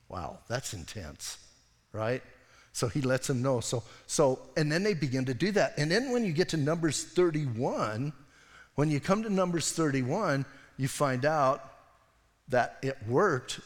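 A male pastor preaching a sermon as casual, animated storytelling full of slang and asides. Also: mid-range voice, in a large hall.

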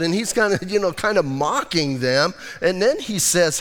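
A man's voice: sits high, moderate pace, hardly any pauses. A man preaching a casual, jokey sermon as pastor, acting out the Bible scenes in voices. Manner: animated, jokey, slips into voiced characters. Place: church sanctuary. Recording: long hall reverb.

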